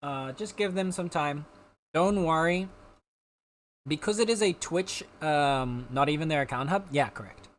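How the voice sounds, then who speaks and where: A man's voice: a little high, unhurried. A man livestreaming a game, chatting casually and reassuring his viewers as he answers their chat. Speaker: game streamer.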